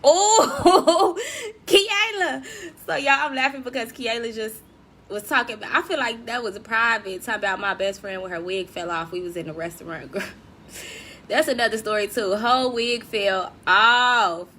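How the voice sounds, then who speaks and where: A woman's voice: mid-range voice, moderate pace, slight background noise. A young woman hosting a casual livestream, talking slangy and upbeat to viewers and reading their comments. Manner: lively, slangy, laughs often, addresses viewers directly. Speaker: host. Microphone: desk mic.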